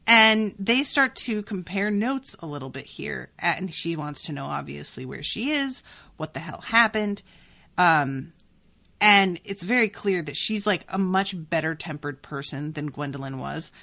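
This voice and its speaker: A woman hosting a podcast, chatting casually and reacting to a book in an animated, exasperated way, swearing freely. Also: lowish voice, a little slow, vocal fry. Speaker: podcast host.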